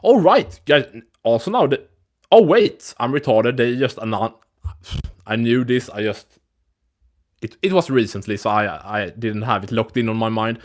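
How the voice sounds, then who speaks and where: A man hosting a live stream, chatting loosely and thinking out loud. His talk is rambling, full of restarts and casual swearing. His pitch sits in an ordinary middle range for a man. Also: animated, moderate pace. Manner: rambling, loose and profane, with frequent restarts and fillers. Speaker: host of a live MMA news stream.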